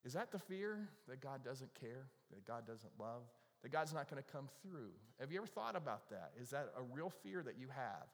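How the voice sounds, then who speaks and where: A man preaching to his congregation in a conversational way, often turning to ask them questions. His voice sits at an ordinary mid pitch. It carries a long reverb from the large hall. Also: sing-song, moderate pace. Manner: conversational, asks the congregation questions, acts out worried prayers. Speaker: pastor. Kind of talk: sermon. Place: church with audience.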